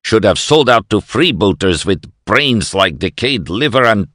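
A man's voice: fairly low pitch, very animated, unhurried, a bit bright, no room sound, studio quality, full character voice. A man doing a stern, indignant old professor. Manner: stern, scolding, formal. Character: indignant small older male professor.

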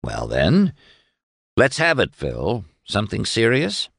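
A blunt old village editor, dry and cutting in his speech, as a man reads him. The voice sits low and deep, and the pitch rises and falls freely. It is recorded close and dry, with no room sound. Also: wildly swooping pitch, takes it slowly, creaky, a bit bright, slightly rough, dry recording, heavily acted. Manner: plain-spoken, dry and cutting. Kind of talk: audiobook character reading.

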